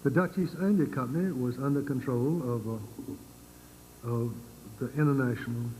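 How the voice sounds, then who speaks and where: An older man with a Virginian accent giving an informal lecture to a congregation, halting and full of fillers and repeated words. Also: mid-range voice, a little mellow, slight background noise, low-quality recording. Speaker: church speaker.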